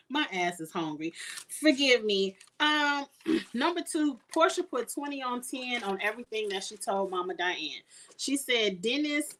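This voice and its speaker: Blunt, profane woman recapping a reality show. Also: fairly high pitch. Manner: blunt, profane, animated, with frequent laughs and throat clearing. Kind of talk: casual live recap with commentary.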